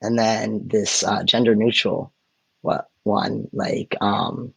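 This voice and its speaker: Male co-host, husky low voice, dry close mic, casual explainer. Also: level tone, slow pace, dry recording, poor audio. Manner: explains points, then demonstrates intonation by example. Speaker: podcast co-host.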